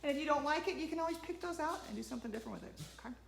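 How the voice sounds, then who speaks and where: A woman's voice: high voice, rapid-fire, vocal fry, echoey room. Chatty woman talking to her dog while sewing. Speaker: sewing channel host. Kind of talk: casual sewing tutorial.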